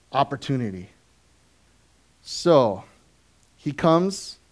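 A pastor preaching a sermon in an animated way, asking the congregation questions and chuckling often. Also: male voice, medium pitch.

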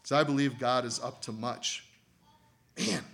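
A man preaching to his congregation in a loose, talky way, with his voice sitting at an ordinary middle pitch. He laughs lightly between lines and gets loud and animated whenever he acts out what people say. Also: measured pace. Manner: conversational, laughs often, acts out quoted voices loudly. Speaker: pastor. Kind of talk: sermon.

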